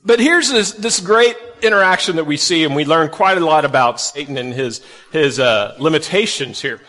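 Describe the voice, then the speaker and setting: A man preaching a sermon to kids and families, folksy and animated, acting out the quotes he reads. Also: a little high, normal speed, big-room sound. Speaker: pastor.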